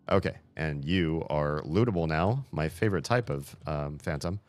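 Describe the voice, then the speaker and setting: Man, low voice, gameplay commentary, excitable, joking, dry close mic. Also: a little slow, no room sound. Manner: excitable, jokey, reads in-game emails aloud. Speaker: gaming streamer. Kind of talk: let's play commentary.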